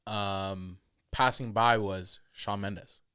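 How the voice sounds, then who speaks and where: A man's voice: on the low side, steady tone, slow, sharp tone, clean tone, no room sound, clean studio sound. A man hosting a casual podcast, telling a rambling story full of ums and restarts. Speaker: podcast host.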